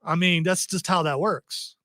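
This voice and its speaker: A man's voice: a little high, fairly even intonation, unhurried, sharp tone, no room sound, clean studio sound. A man hosting a casual talk radio show, teasing his co-host in a playful way.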